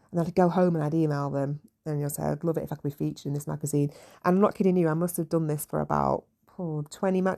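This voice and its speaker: A woman hosts a casual solo podcast, chatting candidly through her story with plenty of "you know" asides. Her voice sits low and carries a gravelly fry. The tone is dark and mellow. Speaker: podcast host.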